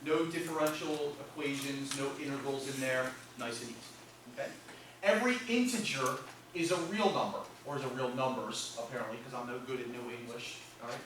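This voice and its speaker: A man's voice: mid-range voice, level tone, a little fast, fairly bright tone, a little hiss or hum. A man giving a math lecture in class, joking with students and tagging nearly every phrase with "okay?". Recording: echoey classroom from far off.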